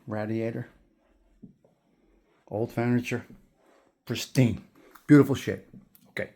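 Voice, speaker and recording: A man hosts a walking tour inside an old house, going from room to room and repeating his admiring remarks to viewers. His mid-range voice is mellow and steady in tone, and he speaks slowly.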